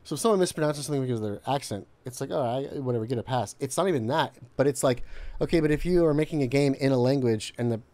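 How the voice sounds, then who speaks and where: A man's voice: medium pitch, racing, mellow, no room sound. A man in casual chat as a co-host reviewing a game, rambling with lots of fillers and laughing easily.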